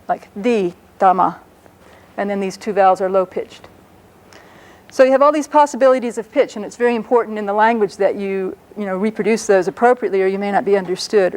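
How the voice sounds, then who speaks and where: A woman lecturing on a language, talking patiently and slowing down to spell out and pronounce each word carefully. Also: medium pitch, a little mellow, poor audio. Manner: patient, explanatory, slows down to pronounce words carefully. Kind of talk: educational lecture on a public-access show.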